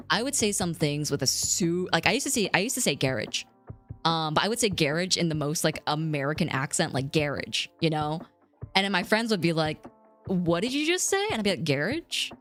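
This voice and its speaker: A woman around thirty chatting casually with her live chat as a streamer, reading messages aloud and laughing often. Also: sits low.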